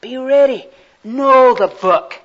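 A man's voice: very high voice, takes it slowly, fairly bright tone. A man preaching a sermon in a fervent, folksy storytelling way. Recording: slightly muffled recording.

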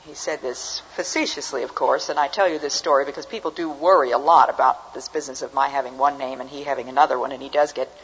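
A woman's voice: rumbling low, steady tone, quick pace, hardly any pauses, breathy edge. An older woman giving a talk to an audience, telling stories with dry humor. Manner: dry, humorous anecdotal delivery. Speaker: speaker. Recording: muffled hall recording with long reverb.

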